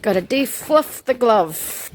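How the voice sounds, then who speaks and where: Chatty high-voiced woman outdoors. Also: takes it slowly, background noise. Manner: chatty, talks to her dog in a very high excited voice. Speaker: vlogger showing how to bathe a dog. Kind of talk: casual how-to narration.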